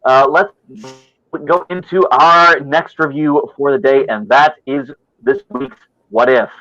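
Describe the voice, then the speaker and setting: A man hosting a podcast, talking conversationally with filler pauses. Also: fairly high pitch, expressive, sharp tone, muffled recording. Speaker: podcast host.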